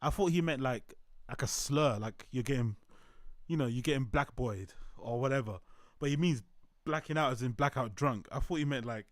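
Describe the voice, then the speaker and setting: A man chats jokingly while reacting to videos on his stream, swearing a lot and repeating phrases. He has a medium pitch and moderate pace, and the recording is dry with clean studio sound.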